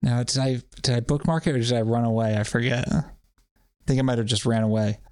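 A man chatting on a podcast in a loose, rambling way, swearing freely and sounding sardonic. His voice is even and mid-pitched. It sounds dry and close, with no room around it. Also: fast talker, dry recording. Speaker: podcast co-host. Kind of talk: casual podcast chat.

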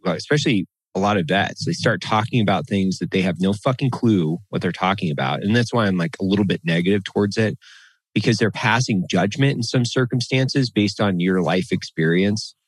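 A man with a lowish voice talks in a loose, opinionated way and swears freely. He gets lively when he rants, and the recording is dry and close. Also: a little fast, slightly rough, no room sound. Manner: blunt, profane, animated when ranting. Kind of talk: casual chat.

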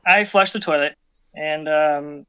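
Bright-voiced man telling a story. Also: on the high side, measured pace, clean tone. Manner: animated, laughing often, many fillers and restarts. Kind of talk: casual chat, telling a childhood story.

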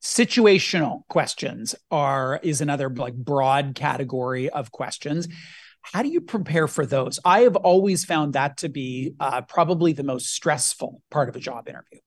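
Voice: medium pitch, expressive, moderate pace, slightly rough, no room sound. An interviewer, a journalist by background, asking chatty questions with light jokes and asides.

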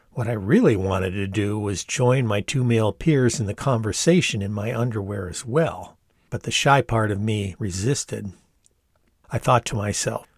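Older guy in his 60s reading his own memoir, calm and reflective, lowish voice, very dry close sound. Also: dry recording. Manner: measured, reflective, candid. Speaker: author narrating his memoir. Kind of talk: audiobook narration.

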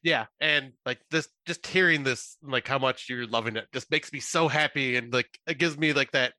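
A man's voice: medium pitch, normal speed, sharp tone. A man co-hosting a podcast, chatting casually and supportively, laughing along. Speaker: podcast co-host. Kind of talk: casual film review chat.

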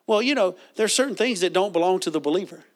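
A man's voice: sits high, animated, fast talker. A man preaching a sermon, reading scripture and leading the congregation in call-and-response.

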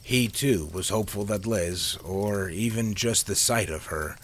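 A man narrating an audiobook story with a steady, measured reading. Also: fairly low pitch, a little hiss or hum.

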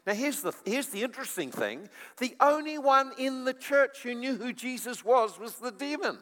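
Man, preacher, sermon, animated storytelling, chuckling asides, high voice, long hall echo. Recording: long reverb of a large hall.

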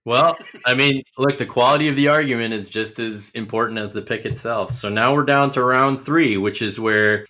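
A man's voice: medium pitch, moderate pace, few pauses, pushed and bright. A man hosting a casual podcast chat, ribbing his friends in a joking, mock-dramatic way. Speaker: podcast host.

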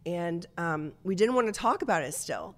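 A woman with a notably low voice tells her story as a podcast guest. She speaks earnestly and reflectively, in a conversational way. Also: expressive, moderate pace. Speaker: nonprofit co-founder, guest.

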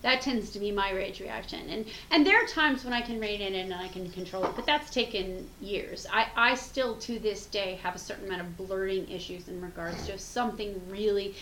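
A woman co-hosts a podcast in relaxed, candid conversation, musing out loud and breaking into laughter now and then. Her mid-range voice echoes around the room, with a faint hum of background noise underneath. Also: mid-range voice, fairly quick, few pauses. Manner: frank, reflective, laughs easily, swears casually. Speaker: podcast co-host. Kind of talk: casual conversational chat.

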